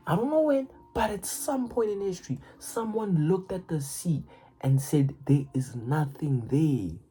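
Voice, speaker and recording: Low-voiced woman, profane stammering rant. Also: breathy edge, low-quality recording. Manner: profane, excitable, stammers and repeats words. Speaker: motivational vlogger. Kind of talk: casual motivational rant.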